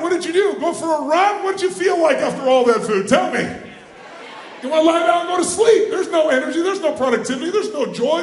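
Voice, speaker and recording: A motivational speaker shouts often as he rallies a live crowd at a seminar, using questions and call-and-response. His voice is very high-pitched, and the large event hall is echoey, with faint ambience and a little hiss or hum.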